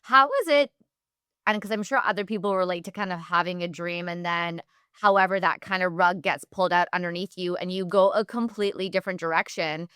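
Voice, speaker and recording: Bright, crisp-voiced woman podcast host. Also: on the low side, no echo, clean studio sound. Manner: long winding questions with many fillers. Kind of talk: interview questions.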